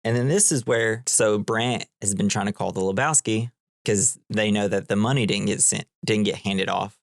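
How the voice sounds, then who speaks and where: Podcast co-host, male, lowish voice, chatty rambling recaps, dry close sound. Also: fairly even intonation, moderate pace, vocal fry, no echo. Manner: rambling plot recap full of "like", acting out quotes. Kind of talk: casual movie-podcast chat.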